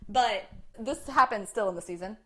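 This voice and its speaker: A young woman hosting a casual chat, animated, swearing and packing her talk with "like". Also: mid-range voice, moderate pace. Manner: animated, swearing, many "like" fillers. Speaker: host.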